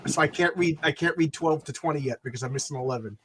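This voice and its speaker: A man's voice: a little high, quick pace, a crowd in the background. An older man hosting a casual chat, rambling with frequent stammering restarts. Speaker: podcast host.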